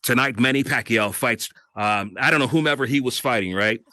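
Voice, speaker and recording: Bright-voiced man telling his story. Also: medium pitch, a little fast, dry recording. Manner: animated storyteller, laughs often. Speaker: guest, radio host and voiceover artist. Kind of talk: casual interview storytelling.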